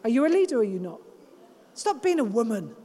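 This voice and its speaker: Rich: A blunt, no-nonsense husband barking short orders, voice dropped lower as a woman mimics him. His delivery is curt and commanding. It rings out with a long hall reverb. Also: sing-song, fast, warm tone. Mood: stern.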